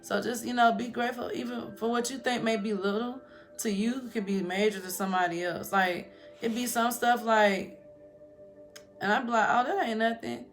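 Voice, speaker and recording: A woman's voice: on the high side, fairly even intonation, normal speed, faint music behind. A woman giving a casual motivational talk to her viewers, chatty and storytelling, calling them "y'all". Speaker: spiritual vlogger. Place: home in Colorado.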